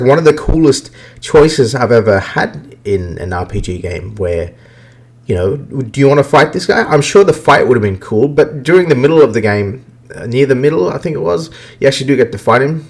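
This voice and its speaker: A man holds forth on video games in a loose, off-the-cuff podcast rant. He swears constantly and speaks bluntly, at an ordinary middle pitch for a man. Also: expressive, brisk, slightly rough. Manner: profane, blunt, ranting. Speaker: podcast host. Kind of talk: casual gaming rant.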